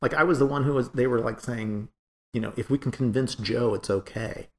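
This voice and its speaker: A man's voice: medium pitch, a little fast. A man being interviewed and recalling a working relationship, telling it as a story and acting out what others said. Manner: animated storytelling, acting out quoted dialogue. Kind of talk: oral-history interview recollection.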